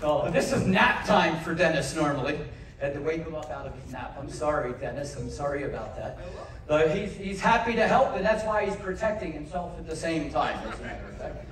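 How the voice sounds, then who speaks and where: A man's voice: fairly high pitch, lively intonation, a little fast, a bit bright. A man doing comedy patter from a stage, joking with the crowd and urging it to cheer. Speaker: variety performer. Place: large cruise ship theater. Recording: echoey theater filmed from far off. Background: audience noise.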